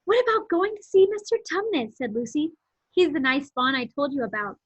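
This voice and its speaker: A woman gives voice to a kind, hopeful little girl. The voice sits high and breathy. The recording is dull and dry. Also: moderate pace, a bit bright, dry recording. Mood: eager.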